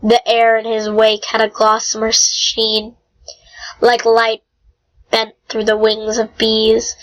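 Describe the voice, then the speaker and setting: A woman reading a novel aloud in an unhurried, homemade style, with small slips and throat-clearing. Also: a little high, a bit bright, low-quality recording. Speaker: reader. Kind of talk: amateur audiobook reading.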